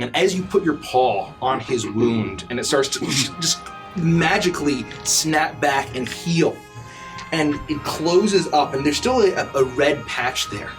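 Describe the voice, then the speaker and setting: A man running a tabletop game, narrating in a slow, halting way with plenty of fillers and restarts, his voice sitting fairly high. Faint music plays behind him. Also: expressive. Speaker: game master.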